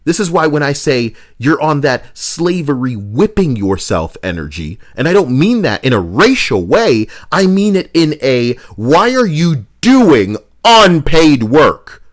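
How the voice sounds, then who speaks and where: A man's voice: medium pitch, normal speed, few pauses. A man streaming, ranting in a profane, sarcastic way about gaming news, often slipping into mocking voices. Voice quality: animated, swings between mock voices and mutters. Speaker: streamer reacting to posts.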